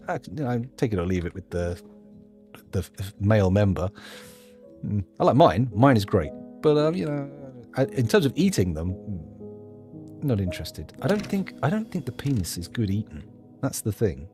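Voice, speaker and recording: A man's voice: on the low side, mellow. A man hosting a gameplay video, thinking aloud in a jokey, self-deprecating ramble. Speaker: gameplay host. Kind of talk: rambling let's-play commentary.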